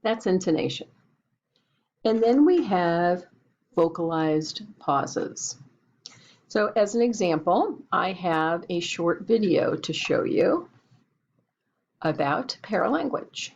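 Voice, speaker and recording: A woman teacher gives a recorded lecture in a low voice, explaining things slowly with a lively, rising and falling tone. The recording sounds dull and lo-fi. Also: vocal fry. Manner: explanatory, conversational.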